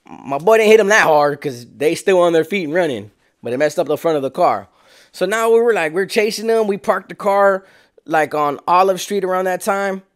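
A young man casually telling a street story, slangy and animated. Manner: slangy, animated, acts out quotes in lower voice.

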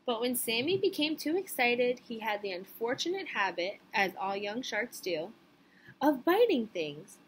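A woman's voice: fairly high pitch, very animated, a little slow, slight background noise. A woman preschool teacher reading a picture book aloud to young children, stopping to ask them questions.

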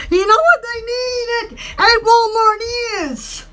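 Very high-pitched giggly woman. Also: slow pace, hardly any pauses, noisy background. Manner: excitable and giggly, lots of exclamations. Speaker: host of a live shopping stream. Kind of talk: casual live stream chat.

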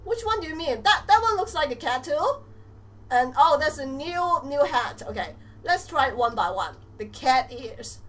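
A young woman giving animated let's play commentary, exclaiming and teasing the game characters as she plays. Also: high voice, normal speed. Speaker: gamer.

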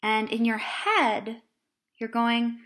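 Woman teacher, lively and animated, talking to children, slightly high voice. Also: takes it slowly. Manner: animated, acts out examples in different voices. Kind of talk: explaining a lesson to children.

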